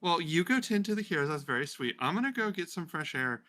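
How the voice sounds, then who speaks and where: A man putting on a lovestruck young woman for a tabletop game, high and bright, sweet and doting, talking in a sing-song lilt with lots of affection. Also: sing-song, fast talker.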